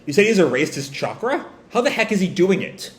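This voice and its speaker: A man's voice: a little high, sing-song, a little fast. Man reading stern village leader dad, firm orders, plain voice, echoey room. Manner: firm, commanding. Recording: roomy echo.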